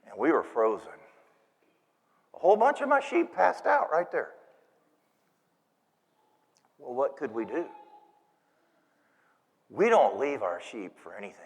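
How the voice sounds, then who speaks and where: A man performing a first-person monologue as a humble, giggly shepherd in a church service, an animated storyteller who stammers and laughs. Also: mid-range voice, takes it slowly, long pauses, exaggerated voice. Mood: storytelling. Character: humble, giggly old-time male shepherd. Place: church sanctuary. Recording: reverberant church hall.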